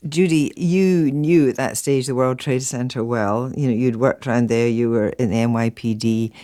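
A man interviewing guests, asking his questions in a calm, direct way. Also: mid-range voice, moderate pace, no room sound, clean studio sound.

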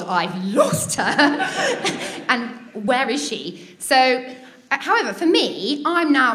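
A woman's voice: a little high, a bit bright. A British woman telling a personal story to an audience in a chatty, amused, self-mocking way. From Britain. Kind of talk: personal anecdote told to a live audience.

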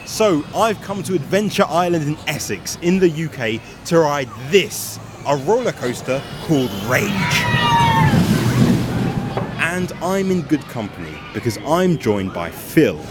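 A man presenting a documentary on location at a theme park, chatty and excitable. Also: a little high, a little slow. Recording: noisy outdoor ambience.

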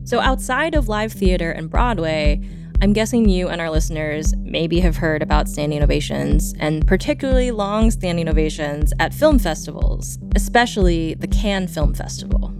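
A woman hosting a podcast, narrating a radio story in a measured, scripted way. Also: on the low side, animated, gravelly, music in the background. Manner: scripted storytelling with slow pauses. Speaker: podcast host.

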